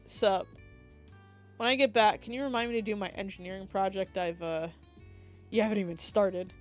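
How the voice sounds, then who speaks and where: A woman's voice: medium pitch, normal speed, soft background music, lightly acted. A woman voicing a scattered young woman roommate who talks in a breezy, offhand way.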